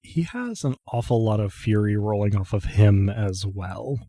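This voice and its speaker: A man narrating as game master of a tabletop game, relaxed and unhurried, laughing easily. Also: on the low side, no echo.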